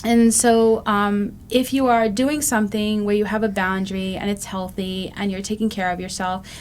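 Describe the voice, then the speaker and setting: A woman's voice: mid-range voice, flat delivery, normal speed, a little hiss or hum. A woman in her fifties hosting a recovery show, talking reflectively and earnestly with frequent ums. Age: 50s. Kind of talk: casual talk-show monologue.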